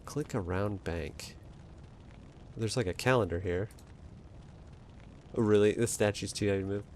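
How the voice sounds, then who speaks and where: Low-voiced joking gamer man. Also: moderate pace, slight background noise. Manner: joking, self-mocking, rambling. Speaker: let's play streamer. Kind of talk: casual gameplay commentary.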